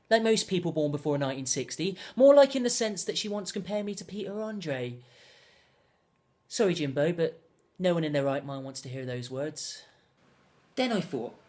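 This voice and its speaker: A young man delivering a deadpan, rambling comedic monologue as a self-absorbed character. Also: fairly high pitch.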